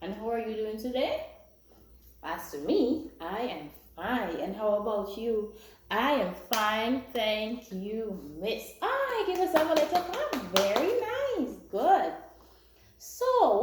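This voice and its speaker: A woman's voice: fairly high pitch, big pitch swings, a little slow, noisy background. A woman primary school teacher giving a classroom lesson in an encouraging, sing-song way, with lots of praise. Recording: echoey room.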